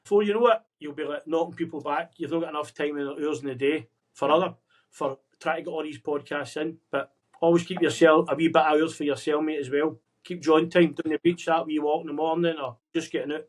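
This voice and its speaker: An earnest man talks quickly, pressing out encouragement in a slightly raised voice. He keeps turning to the listener with a friendly "mate", like a pep talk between old friends. The sound is that of a video call. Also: fairly high pitch, steady tone. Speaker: podcast guest. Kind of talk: motivational casual chat. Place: remote conversation across the world.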